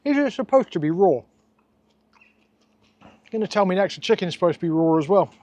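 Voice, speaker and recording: A man's voice: high-pitched, animated, brisk, darkish tone, highs cut off. A man reviewing takeaway food in a casual vlog, sarcastic and exasperated.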